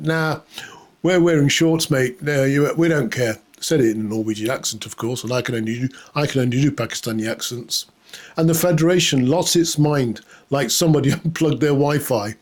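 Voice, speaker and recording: A man's voice: mid-range voice, darkish tone. A man delivering a satirical comedy monologue in a sarcastic, mock-outraged way, often laughing at his own jokes. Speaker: comedy host.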